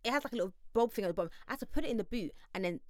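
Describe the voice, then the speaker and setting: A woman co-hosts a true-crime podcast with casual, expressive chat. She talks fast with a lively, swooping pitch. The sound is dry and close. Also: no echo. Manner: animated, expressive, swearing, acts out quotes. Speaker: podcast co-host.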